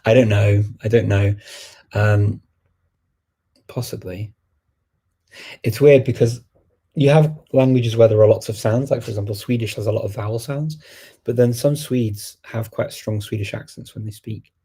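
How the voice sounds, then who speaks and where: A man's voice: on the low side, steady tone, normal speed, long pauses, dark tone, breathy edge. A man hosting a language-learning live stream, answering viewer questions in a chatty way with frequent ums and chuckles.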